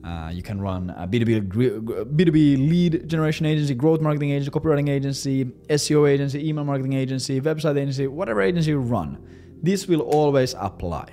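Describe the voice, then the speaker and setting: A man's voice: quick pace, mellow. A brash young man in his twenties talks through sales tactics in a casual, profane coaching style. His voice sits mid-range, and faint music plays underneath. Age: 20s. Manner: brash and profane, acting out squeaky high voices. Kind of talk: casual instructional monologue.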